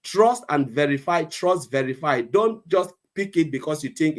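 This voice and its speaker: A man's voice: on the high side, expressive, normal speed. Earnest man giving casual advice. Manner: earnest, storytelling with quoted exchanges. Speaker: co-host.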